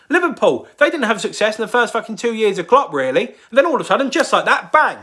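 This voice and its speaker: A man's voice: high-pitched, big pitch swings, racing, hardly any pauses, pushed and bright. A young man giving an angry, swear-heavy football fan rant straight to camera.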